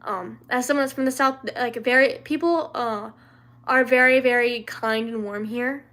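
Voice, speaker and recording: This Louisiana-born woman, raised in the South, hosts a casual livestream and answers questions from viewers. She sounds a little high and a bit bright at a normal speed, rambling and giggly with plenty of fillers and restarts.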